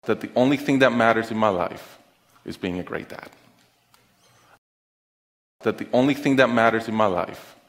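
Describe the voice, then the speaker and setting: A middle-aged man telling a personal story on stage, with an earnest, deliberate, heartfelt delivery and pauses. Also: fairly low pitch. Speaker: conference speaker. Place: stage in a large auditorium. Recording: long reverb of a large auditorium.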